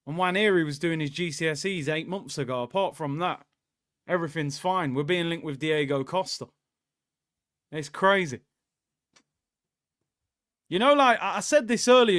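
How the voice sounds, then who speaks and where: A young man hosting a live football watchalong, reacting excitably and joking with viewers. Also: fairly high pitch, no room sound, studio quality. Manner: excitable, jokey banter with viewers. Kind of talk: live match watchalong commentary.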